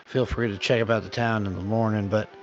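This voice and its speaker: A man's voice: fairly low pitch, fairly even intonation, a little fast, slight background noise, natural voice. A man voicing a frank, grateful female town leader who talks in a chatty, hesitant, folksy way. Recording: dull lo-fi audio.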